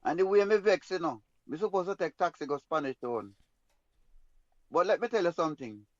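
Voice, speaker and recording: A man's voice: fairly high pitch, animated, a little fast, no room sound, highs cut off. A man with a Jamaican accent telling a personal story in an emphatic, rambling way in patois. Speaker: guest storyteller.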